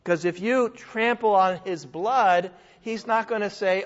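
A man's voice: high-pitched, unhurried, few pauses. A man preaching a sermon in an emphatic, conversational way, firing off rhetorical questions. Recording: dull sound in a reverberant hall.

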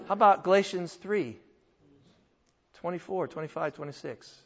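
A man's voice: high-pitched, animated, moderate pace, slight background noise. A man preaching a sermon in an emphatic, conversational way, firing off rhetorical questions. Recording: dull sound in a reverberant hall.

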